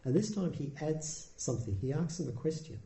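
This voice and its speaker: A man giving a Buddhist dharma talk, telling the story in a relaxed, conversational way with dry humour. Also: on the high side, a little fast. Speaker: dharma teacher. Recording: roomy echo.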